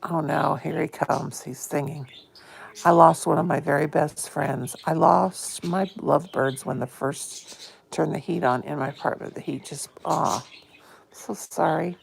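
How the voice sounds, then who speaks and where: Woman, fifties, very gravelly, low voice, a bit hoarse, chatty live-stream host, phone at home, faint background noise. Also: fairly even intonation, unhurried. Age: 50s. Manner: chatty, greets viewers by name with pet names. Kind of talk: casual live-stream chat with viewers. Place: home, indoors.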